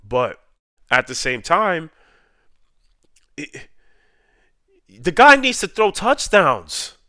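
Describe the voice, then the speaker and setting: Male sports vlogger, heated fan rant, smooth clear voice, dry close mic. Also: on the high side, big pitch swings, pushed and bright, no echo. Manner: heated, repetitive, drawn-out emphasis. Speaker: sports YouTuber ranting.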